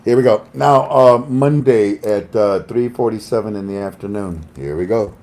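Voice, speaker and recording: A man hosting a casual monologue in an animated manner, laughing often and acting out voices. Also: lowish voice, moderate pace. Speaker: host.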